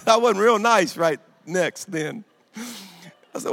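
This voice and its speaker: A middle-aged pastor preaches with a bright, forceful edge to his slightly high voice. He swings from loud emphatic storytelling to hushed asides. His sermon rings with the long reverb of a church sanctuary. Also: animated, slow, creaky, long pauses.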